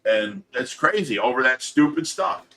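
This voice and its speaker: A man's voice: mid-range voice, lively intonation, normal speed, bright, forceful tone. Profane, ranting man on a livestream. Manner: blunt, profane storytelling with laughs; ranting, talks to chat commenters by name. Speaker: livestream host of a fish rescue channel. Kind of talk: casual livestream chat.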